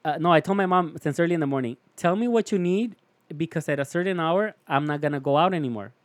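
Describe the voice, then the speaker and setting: A man's voice: a little high, quick pace, no echo. Profane LA storyteller, slangy man. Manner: slangy, profane, says "fool" constantly. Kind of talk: casual storytelling chat.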